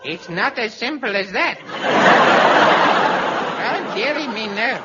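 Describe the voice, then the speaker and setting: A man's voice: high-pitched, lively intonation, slow pace, highs cut off, a loud crowd, very noisy. An actor playing a fussy, muddled old man in a 1950s radio comedy, quavering and mumbling, recorded from an old broadcast. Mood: dithering. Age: older. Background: live studio audience laughter.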